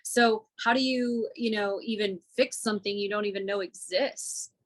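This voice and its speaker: A woman's voice: mid-range voice, fairly even intonation, moderate pace, rough recording. A woman guest, a coach, talking candidly in a rambling way with lots of filler words in a casual podcast conversation. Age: adult, single mother.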